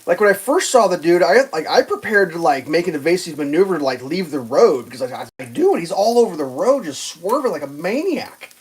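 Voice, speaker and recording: Talking briskly with few pauses in a slightly rough, medium-pitched voice, this live streamer unloads a profane, rambling rant of traffic stories. "Like" comes up constantly, and other drivers get imitated in loud, animated bursts.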